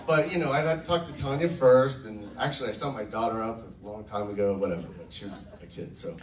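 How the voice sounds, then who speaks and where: A man's voice: medium pitch, fairly quick, few pauses, very noisy. A man talking casually and enthusiastically to a group, telling his own story and acting out what others said. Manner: enthusiastic, storytelling, acts out quotes. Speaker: network marketing distributor. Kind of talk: casual testimonial talk to a group. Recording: echoey room, mic from far off.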